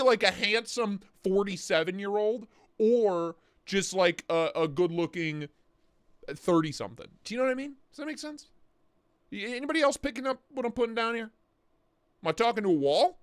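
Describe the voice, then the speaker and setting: A man's voice: high voice, animated, normal speed, smooth, dry recording, clean studio sound. A man in his thirties hosting a livestream, chatting casually and rambling with jokes and swearing, sore in the neck and back. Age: 30s. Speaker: livestream host.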